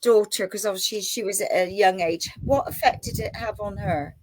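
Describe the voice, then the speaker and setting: A woman hosting an interview, asking questions gently and a little hesitantly. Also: mid-range voice, moderate pace, slight background noise. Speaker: interview host.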